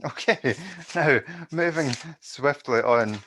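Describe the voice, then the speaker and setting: Male podcast co-host, middle pitch, chatty, laughs a lot. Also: expressive, takes it slowly, fairly bright tone, slight background noise. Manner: laughs often, chatty and rambling. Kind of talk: casual chat.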